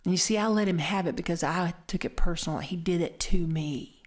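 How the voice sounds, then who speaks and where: A woman's voice: fairly low pitch, fairly quick. Woman minister giving a sermon. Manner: conversational, animated storytelling with soft whispered emphases.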